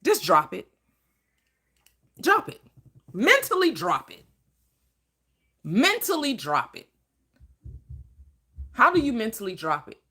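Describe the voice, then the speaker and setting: A woman's voice: on the high side, wildly swooping pitch, measured pace, long pauses, sharp tone, breathy edge. A woman giving a preacher-style motivational talk about manifesting, emphatic and full of repetition. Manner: emphatic, preacherly, swings into acted quotes and repetition. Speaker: manifestation teacher.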